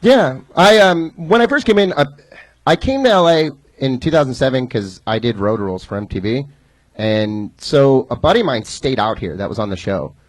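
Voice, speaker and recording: A man in his thirties, a stand-up guest, chatting on a comedy club stage in a halting, easygoing way. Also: medium pitch, expressive, dry recording, poor audio. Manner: halting, stumbles and restarts, easygoing. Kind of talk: casual stage chat.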